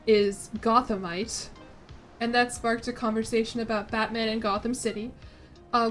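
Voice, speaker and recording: Chatty young woman from chicago streaming, fairly high voice, laughs a lot. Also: a bit bright. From Chicago, United States. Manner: chatty, rambling, quick to laugh. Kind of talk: casual chat while streaming.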